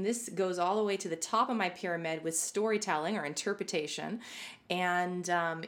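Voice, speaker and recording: A middle-aged woman giving a casual spoken lesson on violin technique, explaining in a conversational way with many fillers and restarts. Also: lowish voice. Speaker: violin teacher.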